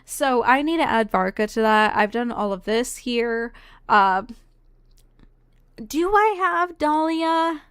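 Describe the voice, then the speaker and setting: A young woman streamer from the Southern United States talks through her game in casual, rambling commentary, trailing off and restarting as she goes. Her voice sits a bit high and comes through smooth and clear. The recording is dry, with almost no room sound. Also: a bit bright, no echo.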